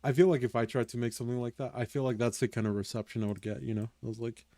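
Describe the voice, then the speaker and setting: A man's voice: medium pitch, fairly even intonation, racing, dark tone, no room sound. Hesitant man on a dry mic. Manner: hesitant, searching for words. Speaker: podcast co-host. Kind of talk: casual chat.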